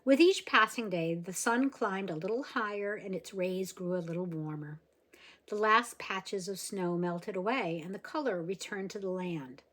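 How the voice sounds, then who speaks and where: A woman's voice: mid-range voice, moderate pace. Woman reading a children's book aloud. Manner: expressive, gentle reading with small slips. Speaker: reader.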